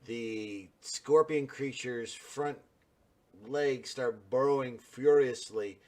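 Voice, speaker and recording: A man's voice: mid-range voice, slow, darkish tone. Casual male game master narrating. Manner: loose, rambling narration with fillers.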